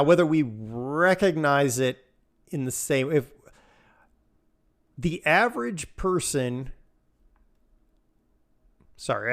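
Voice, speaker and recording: A man's voice: medium pitch, a bit bright. Male streamer, casual live chat while gaming, rambling and laughing a lot. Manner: rambling, chatty, laughs often, answers chat.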